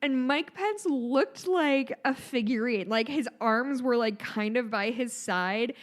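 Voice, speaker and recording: A woman's voice: a little high, slow. A woman in her thirties, co-hosting a podcast, talks through stories in a casual, rambling way with plenty of fillers and laughs. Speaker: podcast co-host. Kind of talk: casual chat.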